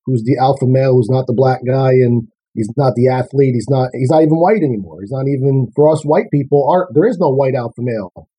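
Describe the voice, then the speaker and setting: A man hosting a casual talk show, ranting and listing his points in a steady flow. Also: mid-range voice, brisk, husky, low-quality recording.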